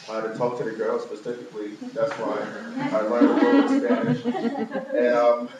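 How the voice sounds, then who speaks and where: A man's voice: normal speed, dull audio, very noisy. A young man from New York giving a personal testimony to a live audience, telling a family story with humorous asides. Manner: storytelling, humorous asides, animated rises in pitch. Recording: very echoey room, from far off.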